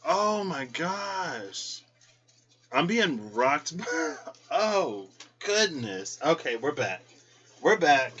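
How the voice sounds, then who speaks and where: Very slow and sing-song, the man chats as a tarot reader in his vlog, openly emotional and choked up, squealing high quotes of his own reactions. His voice is a bit bright, and the recording is muffled.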